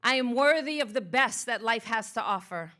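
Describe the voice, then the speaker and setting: Woman motivational speaker doing spoken word live, bright punchy voice, a bit high, rhythmic declarations. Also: expressive, moderate pace. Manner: rhythmic, declarative, leading call-and-response. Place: art museum event space.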